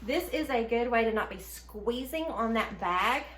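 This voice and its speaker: A high-pitched woman with a Southern US accent talks through a casual baking demo, chatty and upbeat, full of ums and little laughs. Her voice rings around an echoey home kitchen. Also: lively intonation, a little slow, fairly bright tone. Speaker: host demonstrating her baking product. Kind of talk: casual cooking demonstration.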